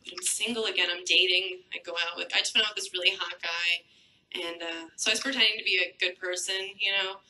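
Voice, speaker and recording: A woman performing a stand-up comedy set on a theater stage with a handheld mic, deadpan with sudden high jumps into quoted voices. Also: brisk, poor audio. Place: large theater stage before a live audience.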